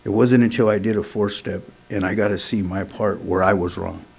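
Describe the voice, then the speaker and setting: A man's voice: on the low side, fairly even intonation, a little fast, vocal fry, a little mellow, breathy edge. A middle-aged man, speaking at a recovery meeting in a casual, earnest way, often adding "man" and "you know". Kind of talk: sharing a recovery story at a meeting.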